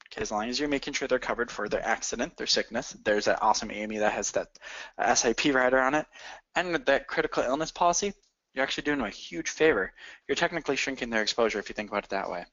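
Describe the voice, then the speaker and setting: A man coaching insurance agents in a sales training talk, energetic and addressing listeners directly. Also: mid-range voice, quick pace. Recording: dull lo-fi audio.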